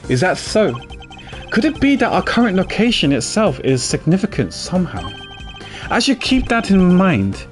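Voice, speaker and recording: A man reading as a composed game investigator who lays out his deductions step by step in an animated, fairly high voice. Faint music plays underneath. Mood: measured. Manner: measured, deductive, quietly confident. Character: calm, probing male investigator, adult. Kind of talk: reading game dialogue aloud on a stream.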